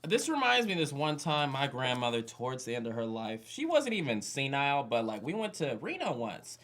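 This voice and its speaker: A woman guest on a casual comedic panel chat, telling playful stories in an animated way. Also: extremely low pitch, a little fast.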